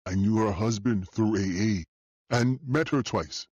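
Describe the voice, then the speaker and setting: A man voicing a wiry, wary man in his late forties with a thick French accent, calm and evasive in a formal way. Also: on the low side, unhurried, slightly rough, dry recording. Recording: dull dry audio.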